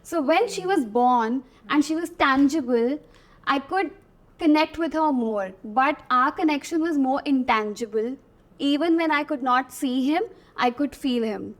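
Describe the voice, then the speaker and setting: A young woman with a high voice speaks as an interview guest. She tells a personal story thoughtfully, often pausing partway through her sentences. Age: young adult.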